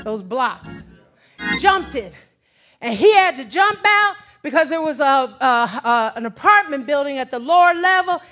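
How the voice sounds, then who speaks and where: A woman giving a testimony in church in a sing-song preaching cadence that breaks into shouts. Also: sits high, expressive, unhurried, faint music behind. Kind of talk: sermon testimony. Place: church sanctuary.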